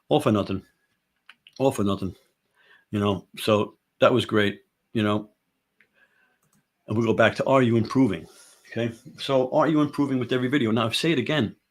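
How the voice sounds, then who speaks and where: A man hosting a casual talk show, giving emphatic advice and repeating rhetorical questions again and again. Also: lowish voice. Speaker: show host.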